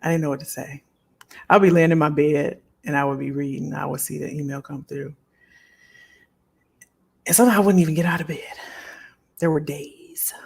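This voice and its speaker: A woman's voice: low-pitched, steady tone, fairly quick, creaky, pauses often, breathy edge. A middle-aged woman hosting a live stream, chatting casually and heartfelt with her viewers and often repeating phrases. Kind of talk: casual chat to a live audience.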